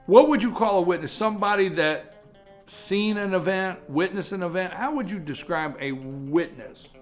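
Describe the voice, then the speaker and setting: A man hosting a morning talk show, telling rambling, self-deprecating stories in a casual, animated way. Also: high-pitched, normal speed, soft background music.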